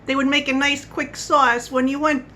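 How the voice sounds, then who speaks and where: A woman's voice: high-pitched, level tone, moderate pace, bright, forceful tone, slight background noise, low-quality recording. A woman vlogger talking at home in a casual coffee-chat monologue, rambling and wandering off on tangents. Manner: rambling, chatty, goes off on tangents.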